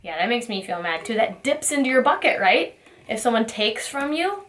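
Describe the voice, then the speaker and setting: Woman, preschool teacher; high, animated, sing-song. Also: normal speed. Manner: warm sing-song teacher voice, asks children questions. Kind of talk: circle time lesson for young children.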